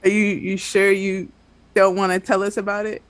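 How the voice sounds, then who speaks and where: Player voicing a gently probing party member. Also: mid-range voice, level tone, moderate pace, clear, resonant tone, no room sound, lightly acted. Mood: concerned. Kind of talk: tabletop role-play.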